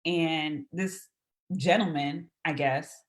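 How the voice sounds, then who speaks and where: A woman's voice: sits low, slow. A woman guest on a podcast telling casual stories, acting out the voices of the people in them. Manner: animated anecdotes acting out quoted voices. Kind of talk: casual storytelling.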